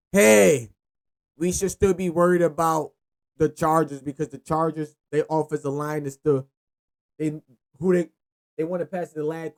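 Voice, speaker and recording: A man hosting his own sports picks show, rambling loosely and cursing as he runs through the games. He speaks with in an easy, unscripted way. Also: a little high. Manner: loose, profane, rambling, lively. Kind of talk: casual sports picks monologue.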